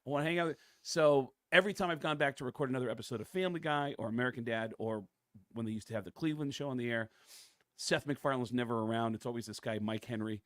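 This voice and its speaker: A middle-aged man, a comedian and voice actor, telling stories in an interview, excitable and acting out the voices of people in them. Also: mid-range voice, quick pace, no room sound, studio quality. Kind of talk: casual interview storytelling.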